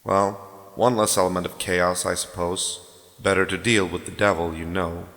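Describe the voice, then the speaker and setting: Man, narrator, deep voice, dry wry delivery, long echoing reverb. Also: flat delivery, normal speed, fairly bright tone. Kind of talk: scripted narration.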